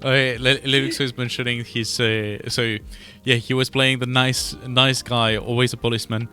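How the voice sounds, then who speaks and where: A man hosting a casual podcast chat, halting and laughing often. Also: medium pitch, little pitch movement, sharp tone, soft background music. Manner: halting, many restarts and laughs. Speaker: podcast host.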